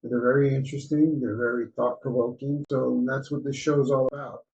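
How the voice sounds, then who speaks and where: A man co-hosting a podcast, giving relaxed, mentoring advice in a casual chat. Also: mid-range voice, a little fast, creaky, lo-fi sound, a little hiss or hum. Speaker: podcast co-host.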